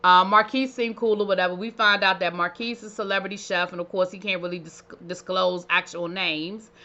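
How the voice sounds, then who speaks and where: A woman's voice: lowish voice, steady tone, a little fast, bright, forceful tone, dull audio. A woman recapping a reality show in a casual, sassy, chatty way, with playful asides. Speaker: reality TV reviewer.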